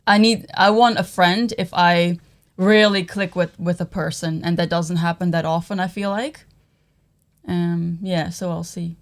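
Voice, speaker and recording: A young woman from the Netherlands, talking in a casual livestream chat, soft-spoken and thoughtful. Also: fairly low pitch, steady tone, measured pace. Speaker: co-host, partner.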